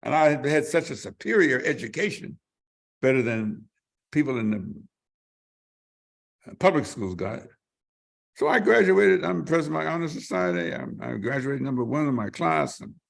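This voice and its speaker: Gravelly-voiced older man telling stories. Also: on the high side. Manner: animated, vivid storyteller who acts out quotes. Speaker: interview guest. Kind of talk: storytelling in an interview.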